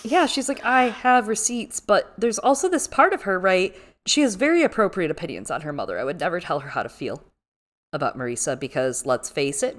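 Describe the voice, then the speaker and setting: A woman co-hosting a podcast recaps a series in a casual, animated way. Her voice sits a little low. She keeps breaking into playful impressions of the characters as she talks. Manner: animated, acts out characters' lines in big voices. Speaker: podcast co-host. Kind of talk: casual chat, recapping a TV show.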